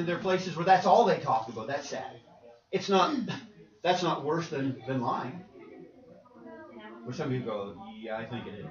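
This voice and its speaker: A man preaching in a conversational Bible class, asking the group questions and laughing often. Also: on the high side. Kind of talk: interactive Bible class teaching. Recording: roomy, distant, muffled room recording.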